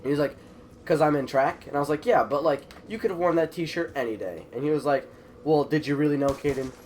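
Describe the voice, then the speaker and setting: A man's voice: on the high side, brisk, a little hiss or hum. A teenage boy with a cold, animatedly retelling a school story and acting out the other people's lines. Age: teens. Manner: animated, retelling with quoted voices. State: sick, a bit congested. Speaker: vlogger. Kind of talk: casual storytelling.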